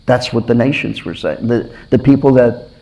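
Heard over bad audio, a man with a medium-pitched voice preaches at a normal speed. His storytelling is full of energy: he plays out the dialogue of the people involved and repeats phrases often.

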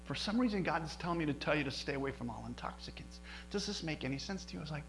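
A middle-aged male pastor telling a personal story in a sermon, animated, with many restarts. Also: a little high, very fast, soft background music, poor audio. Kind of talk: sermon testimony.

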